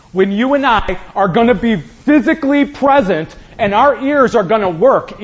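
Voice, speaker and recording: A man's voice: high-pitched, rough recording. A man preaching a sermon as pastor, building up with rhetorical questions and acting out quotes.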